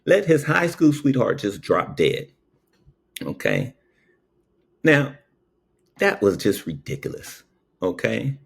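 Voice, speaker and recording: A man's voice: lowish voice, vocal fry, husky. A man who works as a paramedic, telling a story in a casual, preachy monologue and tagging his lines with "okay?".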